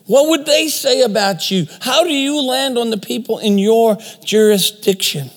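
Male preacher, high gravelly voice, storytelling with rhetorical questions, long hall echo. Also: normal speed, few pauses. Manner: storytelling with rhetorical questions, self-deprecating asides. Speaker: speaker. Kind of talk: sermon. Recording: long reverb of a large hall.

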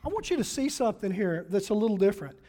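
Racing along in a medium-pitched voice, a pastor delivers an animated sermon, reading scripture aloud and paraphrasing it. He keeps firing questions at the congregation.

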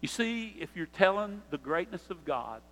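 A pastor preaching a sermon, talking earnestly and conversationally and putting direct questions to the congregation. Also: male voice, high-pitched, very animated, normal speed, fairly bright tone, long reverb tail, rough recording.

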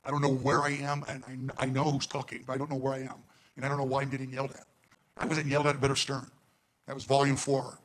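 Male preacher, flat storytelling delivery, quotes dialogue in his stories, halting restarts. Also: mid-range voice, a little hiss or hum, rough recording. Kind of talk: recorded sermon storytelling.

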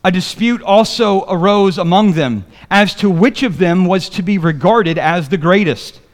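A man's voice: sits high, unhurried, long reverb tail. A man preaching a sermon as pastor, reading scripture and joking with the congregation in a loose, conversational way. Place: church sanctuary.

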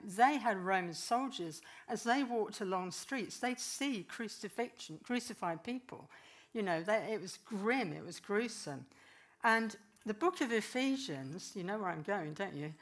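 A woman preaching a sermon, telling Bible stories in a lively way and acting out the figures. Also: mid-range voice. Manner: lively storytelling, voices the figures, laughs.

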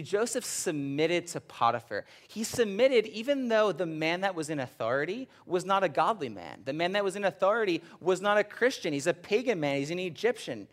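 Conversational man preaching a sermon. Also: on the high side. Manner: conversational preaching, often asks "right?". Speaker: preacher and school teacher.

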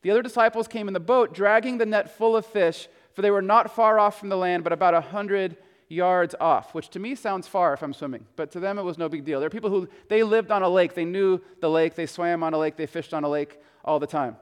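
Male pastor, high and smooth voice, conversational sermon, long hall reverb. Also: brisk. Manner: conversational storytelling, swinging between hushed and emphatic.

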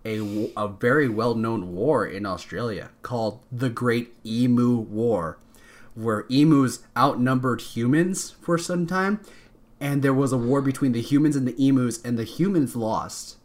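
A man's voice: mid-range voice, a little slow. A man hosting a casual podcast chat, rambling and joking with frequent laughs. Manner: rambling, jokey, laughs often. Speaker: podcast host.

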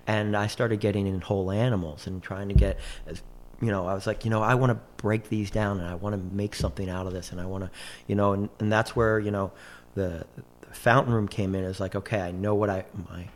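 A man's voice: on the low side, fairly even intonation, a little fast, a little hiss or hum. A man in his forties, a chef, telling long rambling stories in casual conversation, full of restarts and quoted dialogue.

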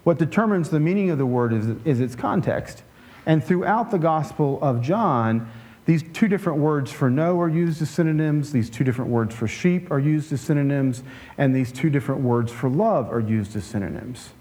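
A man preaching a conversational sermon in a relaxed way, with joking asides and frequent restarts. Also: a little high, moderate pace. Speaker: pastor.

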